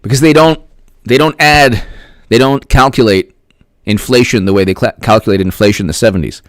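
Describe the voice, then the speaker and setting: A man's voice: medium pitch, brisk, dry recording, studio quality. A man hosting a casual political livestream, thanking viewers by name and firing off repeated rhetorical questions. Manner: animated rhetorical questions, repeats lines for emphasis. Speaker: political commentary livestream host. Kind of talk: casual livestream commentary, reading chat.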